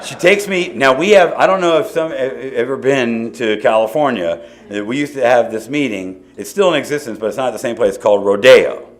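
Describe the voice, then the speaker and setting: A middle-aged man with a mid-range voice talks briskly, barely pausing, as he shares his story at a recovery meeting. Before an audience in a meeting hall, he tells it loosely and conversationally, full of asides and repeated "you know"s.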